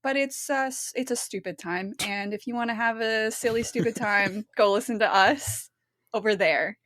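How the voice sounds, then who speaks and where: A woman's voice: a little high, normal speed, fairly bright tone, slight background noise. A woman guest on a casual gaming podcast, rambling and self-deprecating, giggling between phrases.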